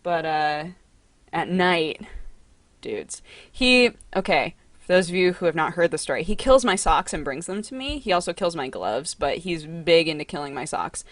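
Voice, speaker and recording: A young woman hosting a casual livestream from home. She talks in a chatty, excitable way and coos to her cat. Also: on the low side, moderate pace, dry recording. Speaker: livestream host.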